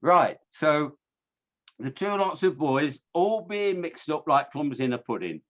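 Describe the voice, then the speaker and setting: A man's voice: on the high side, very animated, a little slow, muffled recording. A man giving an informal illustrated history talk, chatty and self-correcting, with wry asides. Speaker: local history speaker.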